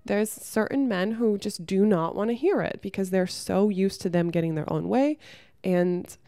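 A young woman talking frankly to camera, giving relationship advice and telling a story from her own life with lively acted-out quotes and some swearing. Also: mid-range voice, normal speed, no echo, clean studio sound. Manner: frank and blunt, swears freely; lively storyteller who acts out the people she quotes. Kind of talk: casual advice monologue with storytelling.

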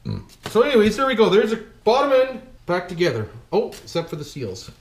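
Guy talking thru an engine rebuild, kinda high voice that swings up and down a lot, jokey, echoey shop. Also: huge pitch swings, brisk. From Canada. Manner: folksy and jokey, keeps calling the viewers "boys"; talks to himself while working. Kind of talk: casual workshop commentary. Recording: echoey room with background noise.

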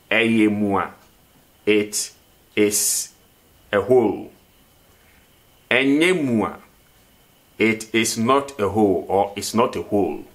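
A man teaching a vocabulary lesson, repeating each word and asking questions for the learner to answer. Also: on the low side. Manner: slow, repeats words and asks questions. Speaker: language teacher.

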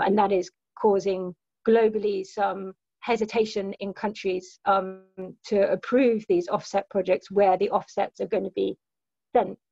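A woman with a gravelly voice talks through policy questions on a video call, pausing with frequent fillers. The sound is dry and dull, like computer-mic audio. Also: medium pitch, mellow, no echo. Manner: hesitant, many fillers. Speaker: speaker answering questions on a webinar. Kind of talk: casual explanatory talk.

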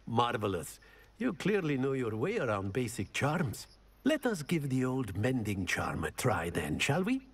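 A man playing a stately professor who teaches spells, speaking formally and deliberately, captured from noisy game audio. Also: mid-range voice, huge pitch swings, slightly rough, exaggerated voice. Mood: instructive. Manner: formal, measured, posh.

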